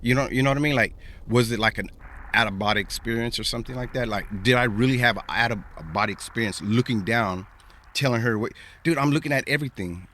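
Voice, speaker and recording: A man's voice: medium pitch, fast talker, bright, forceful tone, slight background noise. A man hosting a podcast, telling a personal story in a casual, rambling way, repeating himself and using slang. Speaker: podcast host.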